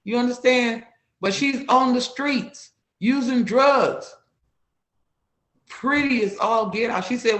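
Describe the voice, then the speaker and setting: A woman's voice: a little high, takes it slowly, fairly bright tone. A woman guest giving heartfelt personal stories about her community work, retelling conversations with repeated "I said, she said.". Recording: roomy echo.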